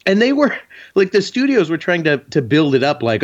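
Animated storytelling guy, muffled audio. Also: on the high side, normal speed. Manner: animated storyteller, does voices in quotes. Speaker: podcast co-host. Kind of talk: crude comedic banter.

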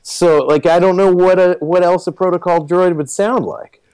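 A man's voice: sits high, steady tone, normal speed, darkish tone, smooth, no room sound. A man co-hosting a podcast in casual chat, playful and joking, laughing a lot. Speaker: podcast co-host.

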